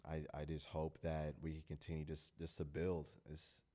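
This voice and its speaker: A man with a remarkably deep, low voice hosts an unscripted talk, speaking earnestly to his audience. He tells stories in a loose, meandering way, sincere and from the heart. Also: completely flat delivery, moderate pace, warm tone. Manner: loose, rambling storytelling. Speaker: host of a talk channel. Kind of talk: casual heartfelt monologue.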